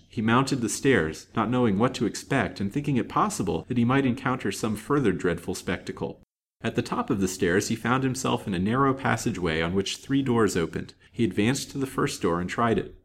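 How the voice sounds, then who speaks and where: A man reading a serialized novel aloud in a measured, dramatic way. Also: lowish voice. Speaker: storyteller.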